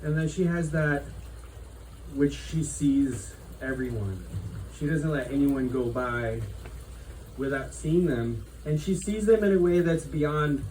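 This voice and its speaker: A man officiating a memorial, gently guiding the listeners through a moment of gratitude. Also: on the high side, recorded from a distance, a little hiss or hum, poor audio. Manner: slow, meditative, gentle. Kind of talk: guided reflection. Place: memorial gathering.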